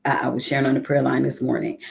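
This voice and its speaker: A woman's voice: rumbling low, little pitch movement, fast, vocal fry. A woman leading a live morning devotional, speaking in a heartfelt, conversational way and greeting viewers by name. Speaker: ministry leader.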